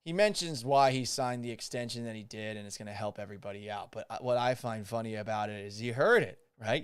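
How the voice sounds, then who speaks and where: A male sports talk host with a smooth, resonant voice that swings up and down in pitch. He talks in a sarcastic, animated way and swears for emphasis. The sound is dry and close. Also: no room sound. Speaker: podcast host. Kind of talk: sports talk show monologue.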